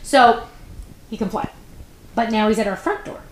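A fairly high-voiced woman hosts a crafting show in a casual, chatty way. She rambles along with lots of ums and restarts. The room is roomy and echoey, with a faint hiss of background noise. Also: normal speed. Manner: chatty, rambling storyteller with many fillers.

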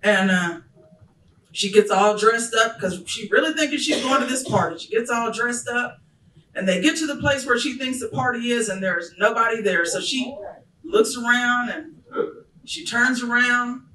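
A woman minister delivers a sermon. Her tone is bright and forceful, and she sounds like she is standing well back from the microphone. The church around her is roomy and echoey. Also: on the high side, normal speed, slight background noise. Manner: storytelling, building to fervent shouted preaching. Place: church sanctuary. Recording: echoey church from a distant mic.

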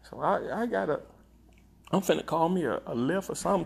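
A man ranting for laughs on a live stream, complaining dramatically and repeating a flat "nope.". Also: a little fast, vocal fry, slightly rough. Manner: exaggerated, dramatic complaining with big pitch swings. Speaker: comedic vlogger. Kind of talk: comedic rant on a live stream.

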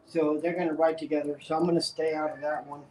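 A man's voice: on the high side, level tone, quick pace, a little mellow, slight background noise. Guy rambling about his furniture work, lots of "you know", kinda echoey room. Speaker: co-host working on furniture. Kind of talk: casual livestream chat. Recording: roomy workshop sound.

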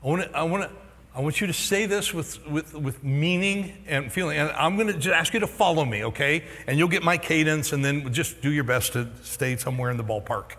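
A middle-aged man preaching a sermon as pastor, animated and joking, his voice going hoarse. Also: on the high side, brisk, long reverb tail. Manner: animated, joking, acts out quoted reactions. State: losing his voice. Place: church auditorium.

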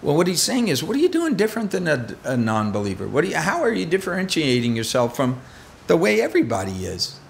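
A man's voice: on the high side, huge pitch swings, fast, vocal fry, a little hiss or hum. A middle-aged man preaching a conversational sermon as pastor, telling stories with self-deprecating humor.

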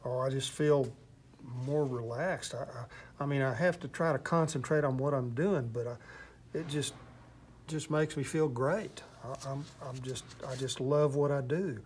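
An older Texan man talks in an easygoing, rambling way, often restarting his sentences and poking fun at himself. His voice sits at an ordinary pitch for a man. A faint hiss of noise runs under it. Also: measured pace. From Texas. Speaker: interviewed artist. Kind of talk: casual interview chat.

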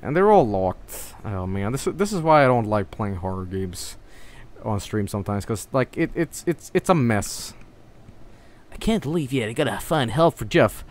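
A man's voice: medium pitch, very animated, moderate pace. A young man giving casual, mumbled commentary while playing a horror game on stream, rambling and swearing often. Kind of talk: casual let's-play commentary.

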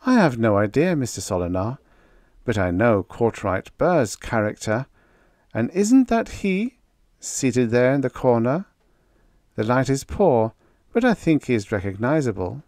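An audiobook narrator voicing Ermin, a calm, courteous male agent who speaks in a gentle, precise and formal way. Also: medium pitch, a little slow, dry recording, studio quality, pitched above the performer's own voice. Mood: measured, formal.

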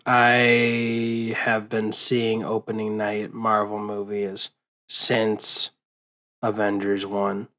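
A tired man talking late at night in a casual rambling monologue, swearing often and pausing with fillers as he mourns. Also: fairly low pitch, monotone, bright, forceful tone, rough recording. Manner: profane, grieving, rambling with many fillers. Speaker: movie vlogger.

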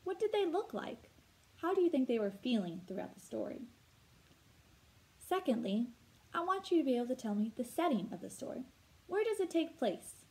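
A woman teacher explaining vocabulary words slowly and clearly, asking her listeners questions as she goes. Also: sits high, darkish tone, low-quality recording. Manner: slow, clear teacher talk with rhetorical questions. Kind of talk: read-aloud vocabulary lesson.

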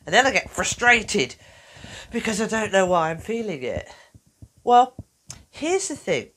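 A woman talks to children in a bouncy, animated way, her pitch climbing and dipping all over the place. She sounds playful and encouraging, like a presenter explaining feelings to a class. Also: a little slow. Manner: animated, playful, acts out little voices. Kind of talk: talking to children in an educational video.

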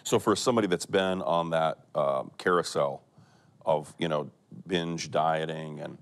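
A man's voice: very deep voice, measured pace. A man hosting a faith talk show, asking his guest easy questions. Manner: short affirmations, easy questions. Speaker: host. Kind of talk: casual interview.

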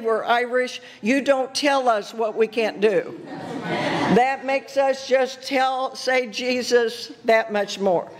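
An older woman giving a guest sermon, telling personal stories in an animated way, laughing and acting out her own thoughts. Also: on the high side. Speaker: guest speaker at church. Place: church sanctuary. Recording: echoey church hall with faint noise.

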